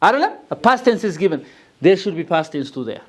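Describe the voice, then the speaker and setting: A man's voice: sits high, big pitch swings, racing. A man teaching an English grammar lesson in a classroom, quizzing his students and mixing English with Amharic.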